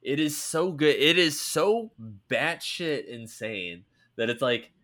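A man's voice: fairly high pitch, expressive, slow pace, a bit bright. A man co-hosting a casual podcast, telling stories animatedly and swearing freely. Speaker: podcast co-host. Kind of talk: casual chat.

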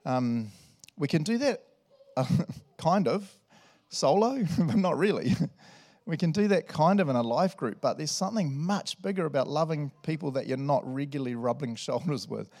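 A middle-aged man with a New Zealand accent preaching a sermon in a relaxed, conversational way, laughing often and tagging lines with "eh" and "right". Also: medium pitch. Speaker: pastor. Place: church hall with congregation.

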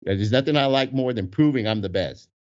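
Animated man telling a story, lo-fi sound. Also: mid-range voice, a little fast. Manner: animated, laughing, acts out quoted voices. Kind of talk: casual storytelling. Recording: dull lo-fi recording.

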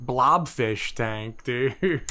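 A man's voice: medium pitch, lively intonation, drawn-out words, pushed and bright, slight background noise. A man co-hosting a podcast in a casual, laid-back chat, dropping "dude" and "man" often. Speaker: podcast co-host.

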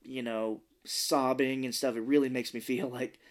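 A man retells a film scene by scene in relaxed podcast chat, at a middling pitch. He slips into quick voices for the characters and swears and laughs along the way. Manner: swears casually and laughs often. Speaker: podcast co-host. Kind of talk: casual movie recap chat.

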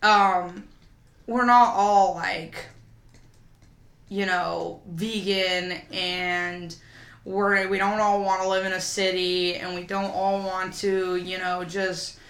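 A woman telling stories in casual chat, profane and animated, often acting out what others said. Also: medium pitch, slow pace. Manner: profane, animated storyteller who acts out quotes. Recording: roomy echo.

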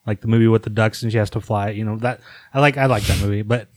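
A man's voice: fairly low pitch, steady tone, quick pace, no room sound. A man co-hosting a casual podcast chat, hedging his opinions with lots of fillers. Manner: hedging, soft-spoken, full of fillers. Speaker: podcast co-host.

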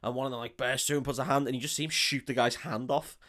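A man's voice: medium pitch, fairly even intonation, a bit bright. Brief: man, podcast co-host, sweary plot recap, acts out quotes. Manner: swearing, acts out film lines in quick voices. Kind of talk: casual chat retelling a film.

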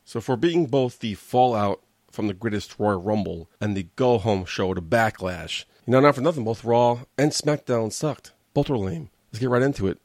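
A man's voice: mid-range voice, moderate pace, few pauses, a little mellow, no room sound, clean studio sound. A man hosting a wrestling recap show, giving a blunt, sarcastic and exasperated opinion rant in a casual way. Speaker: wrestling commentary host.

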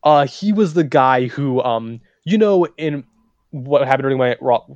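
Animated, profane man in casual chat. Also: mid-range voice, unhurried, no echo, muffled recording. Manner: animated, profane, says "like" a lot. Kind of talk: casual chat about wrestling.

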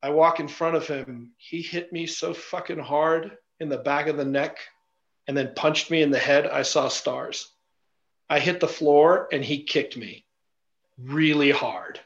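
A man speaking a little higher than most men, telling personal stories as an interview guest. He talks bluntly and swears freely, with lots of "you know" and "like". The recording sounds dull and lo-fi. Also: measured pace. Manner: blunt and profane, with frequent fillers. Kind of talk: casual storytelling.

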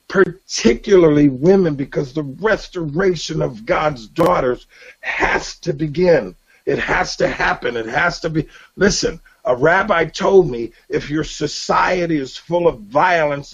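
An earnest middle-aged man hosts a faith talk show, his voice sitting at an ordinary pitch. He speaks in a preacherly way, often restarting his sentences. The sound is dull and lo-fi, like an older broadcast recording. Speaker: radio show host. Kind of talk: emotional personal testimony and show sign-off.

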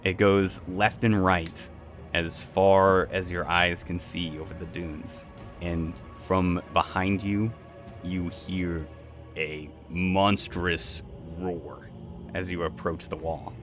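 A man runs a tabletop game, painting each scene in unhurried detail and throwing in sound effects. His voice is low and his pace slow, with faint music behind him. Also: level tone, a bit bright. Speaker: game master.

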